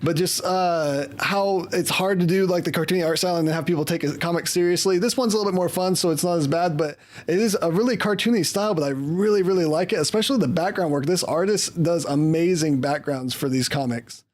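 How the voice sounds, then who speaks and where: A fast-talking man with a slightly high voice and few pauses co-hosts a laid-back podcast. He chats with friends about comics, meandering through his thoughts and laughing often.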